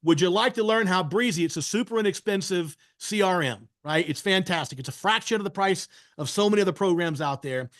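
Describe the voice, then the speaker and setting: Male sales trainer, higher-pitched voice, emphatic masterclass delivery with constant check-ins. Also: brisk, few pauses, fairly bright tone. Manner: emphatic, frequently tags points with "right?". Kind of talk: webinar masterclass talk.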